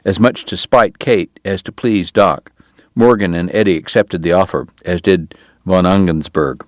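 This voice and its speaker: A man narrating a historical western novel in even, measured storytelling. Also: low voice, no room sound. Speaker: audiobook narrator. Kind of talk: scripted narration.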